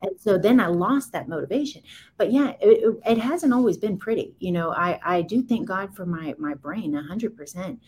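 A woman's voice: mid-range voice, lively intonation, moderate pace, darkish tone, poor audio. A woman in her forties giving a candid, impassioned account in conversation, speaking emphatically in rising bursts. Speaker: guest.

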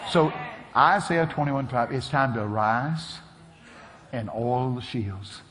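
A man preaching a sermon, telling stories with animated delivery and shouting his punchlines. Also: medium pitch, takes it slowly. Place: church sanctuary. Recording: long hall reverb.

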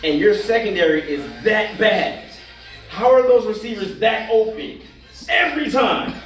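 A man's voice: sits high, expressive, moderate pace, soft background music. A man co-hosting a casual group chat, arguing emphatically with rhetorical questions. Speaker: co-host. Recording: echoey room, mic far off.

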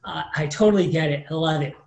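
A man's voice: on the high side, fast talker, gravelly. A man in his fifties shares a personal story as a guest in an interview. He tells it with energy and acts out the people he quotes. His voice carries a roomy echo. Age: 50s. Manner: animated storyteller acting out quoted dialogue. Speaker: mortgage professional guest.

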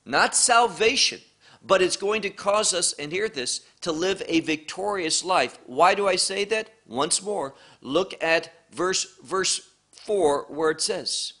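Man, Bible teacher, verse-by-verse teaching, very slow, bright forceful voice, repeats phrases for emphasis. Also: high-pitched, lively intonation.

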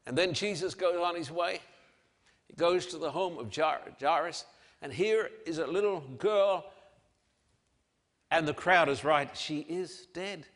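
A man preaching a dramatic sermon and reading scripture, swinging between loud declarations and hushed, soft passages. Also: a little high, unhurried, long pauses, long reverb tail.

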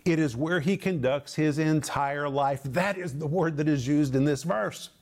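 Guy teaching the bible on tv, kinda high voice, really emphatic, drags out the key words. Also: unhurried.

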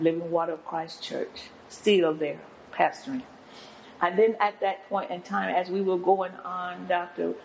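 Older woman, guest pastor; low and gravelly, preacherly storytelling. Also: darkish tone, a little hiss or hum, poor audio. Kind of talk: testimony in an interview.

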